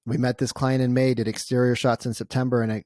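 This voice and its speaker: A man coaching real estate agents in a casual walkthrough, energetic and constantly tagging his points with "right?". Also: medium pitch, fast, no echo, studio quality. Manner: acts out client conversations in storytelling bursts.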